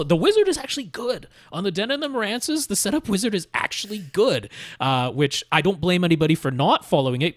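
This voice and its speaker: A man's voice: medium pitch, fairly bright tone, dry recording. Man explaining gear setup, dry sound. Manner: explanatory, many restarts and fillers. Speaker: podcast co-host. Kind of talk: casual technical chat.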